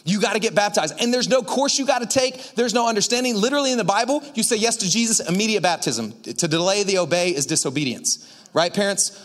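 A male pastor preaching a casual sermon, energetic and chatty with lots of asides to the congregation. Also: high voice, fast talker.

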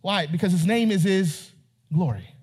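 High-voiced husky male preacher. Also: animated, moderate pace. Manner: preaching, rising to near-shouting, quizzing the congregation. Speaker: pastor. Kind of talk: sermon.

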